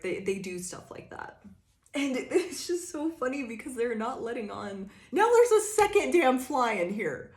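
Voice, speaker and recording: A woman's voice: on the high side, sing-song, moderate pace, a little mellow. Chatty woman reading tarot in a roomy space. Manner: rambling, chatty, laughs often, restarts a lot. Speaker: tarot reader. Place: room indoors by a window.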